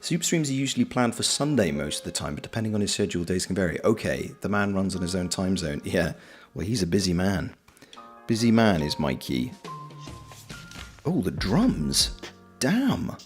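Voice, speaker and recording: A man's voice: sits low, lively intonation, fairly quick. A man hosting a casual livestream, chatting and reading viewer messages aloud. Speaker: livestream host. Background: soft lo-fi background music.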